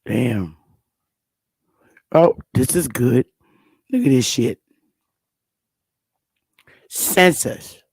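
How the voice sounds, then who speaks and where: Woman livestream host, slow and unhurried, blunt and profane, quick to exclaim, dry close sound. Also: rumbling low, lively intonation, creaky, darkish tone, husky, no room sound. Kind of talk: casual livestream commentary.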